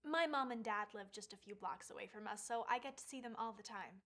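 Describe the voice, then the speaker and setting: An actress playing a sweet, modest young wife in a video game. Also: female voice, a little high, a little fast, pushed and bright.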